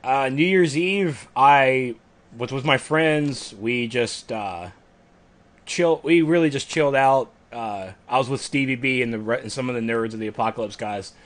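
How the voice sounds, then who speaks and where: A young adult man on a gaming podcast, talkative and self-deprecating. His voice is mid-pitched and conversational. He reads listener posts aloud, then riffs on them casually. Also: measured pace. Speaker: podcast co-host.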